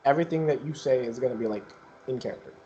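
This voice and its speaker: A man's voice: mid-range voice, rapid-fire, dark tone, muffled recording, slight background noise. A young man running a tabletop game as game master, loose and joking, with lots of fillers.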